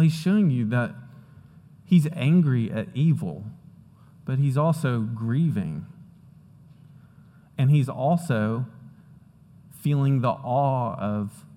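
A pastor giving a sermon in a conversational way, often checking in with "right?" and "okay?". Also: male voice, medium pitch, darkish tone, big-room sound.

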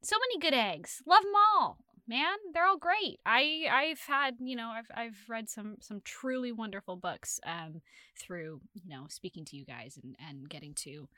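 High-pitched, bright, gushing woman host. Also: no echo. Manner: enthusiastic, gushing, emphatic. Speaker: podcast host. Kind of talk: casual chat.

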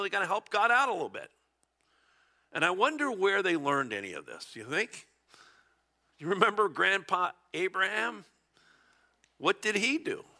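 A man's voice: high voice, vocal fry, bright, forceful tone. A middle-aged man preaching a conversational Bible-teaching sermon, chuckling often and acting out small dialogues. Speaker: pastor.

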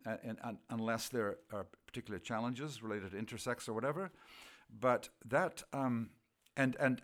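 A man's voice: medium pitch, a bit bright. A man speaking as a theologian at a church evening, opening with a prayer and talking in an earnest, self-deprecating way with rhetorical questions. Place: church gathering.

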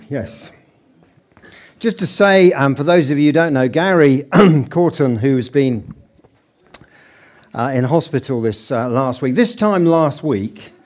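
A man's voice: medium pitch, darkish tone. A man preaching a sermon in church, chatting with the congregation and putting questions to them. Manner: conversational, asks the congregation questions. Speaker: pastor. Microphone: handheld microphone.

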